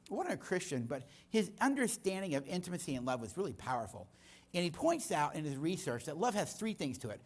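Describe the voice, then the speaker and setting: A middle-aged man speaking in church, telling stories and acting out the dialogue. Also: on the high side. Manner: animated storytelling, acting out dialogue. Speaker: guest speaker. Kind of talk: church teaching talk.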